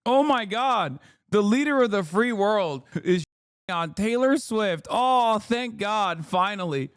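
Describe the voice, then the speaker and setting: A man's voice: high-pitched, expressive, clean tone, dry recording, clean studio sound. A man in his thirties doing sarcastic, mocking reaction commentary on a live stream. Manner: sarcastic, mocking, quick asides.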